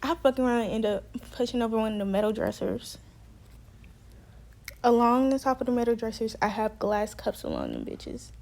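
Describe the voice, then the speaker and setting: A woman's voice: on the high side, big pitch swings, a little fast, gravelly, darkish tone. Young woman telling a heated story. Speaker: vlogger. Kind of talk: storytime vlog.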